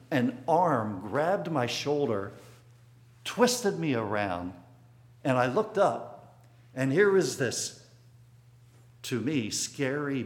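Reflective older man preaching. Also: medium pitch. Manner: reflective, storytelling with dynamic emphasis. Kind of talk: sermon with personal story.

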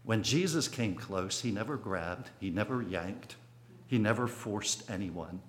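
A man in his sixties delivers a sermon in a reflective, storytelling voice. He draws on a memory from childhood, and his voice leaps up on key phrases before it falls back to a hushed tone. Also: fairly low pitch, lively intonation, measured pace, a little hiss or hum. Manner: reflective, storytelling with dynamic emphasis. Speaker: preacher.

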